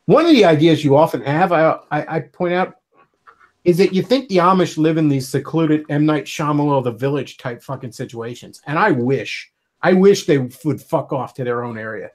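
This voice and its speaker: A man's voice: fairly high pitch, expressive, moderate pace. An American man hosting a livestream, ranting heatedly with constant swearing and sarcasm. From United States. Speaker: livestream host. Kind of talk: ranting casual monologue.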